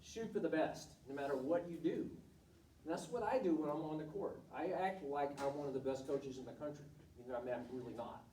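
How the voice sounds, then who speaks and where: A man's voice: fairly high pitch, brisk, mellow, slight background noise. A middle-aged man, a volleyball coach, giving a candid, blunt talk to students and telling stories from his career. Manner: candid, blunt, storytelling with acted quotes. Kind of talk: informal presentation to students. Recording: echoey room, voice from far off.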